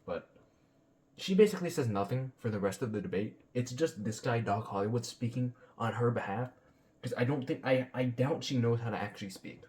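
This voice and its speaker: A man's voice: mid-range voice, fairly quick, a little mellow. A man hosting a reaction video, ranting bluntly and sarcastically with plenty of swearing. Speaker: commentary channel host.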